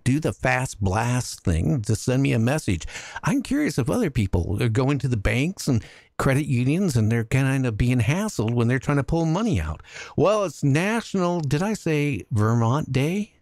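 Animated man hosting talk radio. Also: mid-range voice, moderate pace, dry recording. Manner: animated storytelling, jokey. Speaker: radio talk show host. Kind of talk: casual radio chat.

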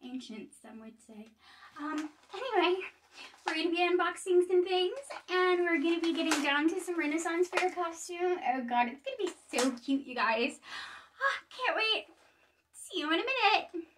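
A woman in her thirties chatting in a casual unboxing vlog, bubbly, excitable and rambling. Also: extremely high pitch, normal speed, recorded from a distance, slight background noise. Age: 30s. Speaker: vlogger.

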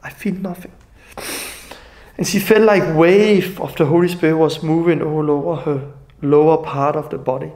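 A middle-aged man with a Danish accent telling an emotional personal testimony, halting and often restarting his sentences. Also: on the high side, steady tone, darkish tone. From Denmark. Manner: halting, restarts often, non-native grammar. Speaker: ministry leader.

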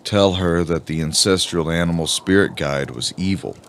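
Man, audiobook narrator, extremely low voice, measured slow delivery, faint hiss behind. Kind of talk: first-person audiobook narration.

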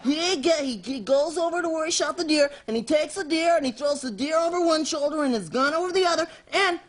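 A man's voice: extremely high pitch, fairly quick. An actor playing a giddy, childlike man-boy who rambles, restarts and giggles through his talk as a talk show guest. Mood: giddy storytelling. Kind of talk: comic character performance.

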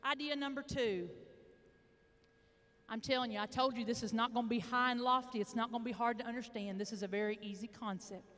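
A middle-aged woman with an Arkansas accent giving a motivational speech, telling folksy stories with dramatic pauses. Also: on the high side, steady tone, fairly bright tone. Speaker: motivational speaker. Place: large indoor hall, addressing an audience. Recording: echoey large hall.

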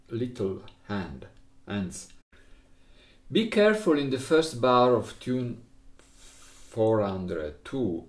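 A middle-aged man with an Italian accent teaching the recorder in halting English, counting and singing rhythms. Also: fairly low pitch, darkish tone, echoey room. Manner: halting non-native English, sings rhythms with syllables. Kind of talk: music lesson.

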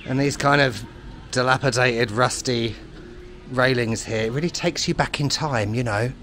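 A man's voice: mid-range voice, normal speed, bright, forceful tone, slight background noise. A man talking casually in a walking travel vlog, chatty, self-mocking and enthusiastic, outdoors. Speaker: travel vlogger. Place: outdoors in a spa town street.

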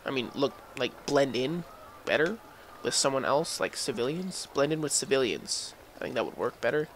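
Over loud game music, a man with a mid-range voice offers rambling let's-play commentary at a moderate pace, his intonation lively. He chuckles and responds to the game as he goes, with slight background noise present.

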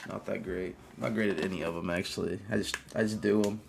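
Low, gravelly guy streaming a game, loose and chatty, welcomes viewers and shouts at plays; light hiss behind him. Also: steady tone, quick pace. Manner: greets viewers and reacts to gameplay. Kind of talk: casual live-stream gaming chat.

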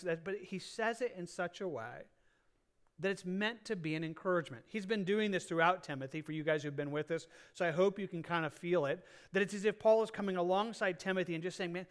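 A pastor preaches a sermon in church, his voice sitting high with a fairly bright tone. He speaks earnestly, often restarting and repeating phrases and drawing out the key words.

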